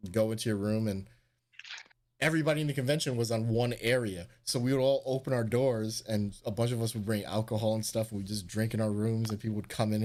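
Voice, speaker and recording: Animated swearing man telling a story. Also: on the low side. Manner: animated, swearing, acts out quotes in a raised voice. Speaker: host. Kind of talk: casual storytelling chat.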